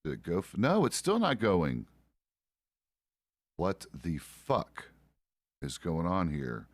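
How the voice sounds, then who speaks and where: A man's voice: sits low, huge pitch swings, slow pace, dry recording, clean studio sound. A middle-aged man streaming a game, chatting casually in a grumpy, swearing, complaining way. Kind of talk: casual live-stream chat while gaming.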